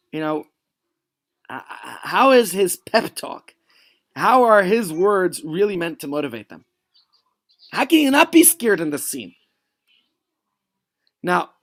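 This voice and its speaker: Guy teaching torah from home, lots of restarts and asides, voice jumps way up and down. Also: high-pitched. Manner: animated storytelling with many restarts and asides. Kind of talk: Torah study lesson.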